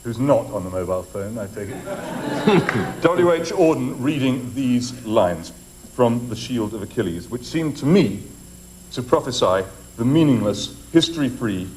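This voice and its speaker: A man giving a formal debate speech in a public hall, in a measured, grave and rhetorical manner. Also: lowish voice, darkish tone, a little hiss or hum.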